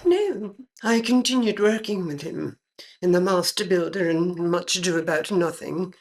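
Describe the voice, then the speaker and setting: A tart old English actress's ghost. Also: female voice, fairly low pitch, animated, moderate pace. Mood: dry. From England. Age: older. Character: spirit of an elderly grand English actress, dry and tart.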